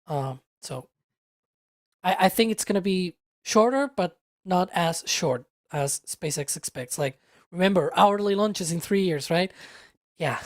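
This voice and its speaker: A man's voice: high-pitched, expressive, measured pace, no room sound, studio quality. A man on a casual podcast panel who reasons things through in a hedging, analytical way and keeps checking in with the others. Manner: analytical, hedging, ends points with "right?".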